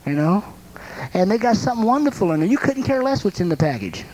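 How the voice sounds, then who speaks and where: A man preaching a sermon as a pastor and counselor, telling lively stories that act out little scenes with sound effects and laughing between his points. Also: high voice, fast talker, slight background noise, poor audio.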